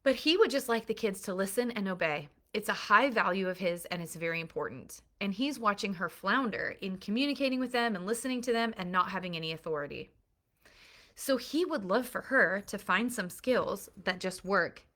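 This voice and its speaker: A woman's voice: medium pitch, lively intonation, fairly quick, bright, forceful tone. A woman parenting coach giving an earnest, emphatic recorded lesson built on analogies.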